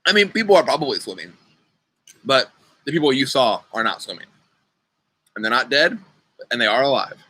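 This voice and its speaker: Bright-voiced young man hosting riddles. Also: mid-range voice, animated, a little fast, pauses often, rough recording. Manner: chatty, playful, talks to kids by name. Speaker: youth group leader. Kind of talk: casual online riddle game. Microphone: computer mic on a video call.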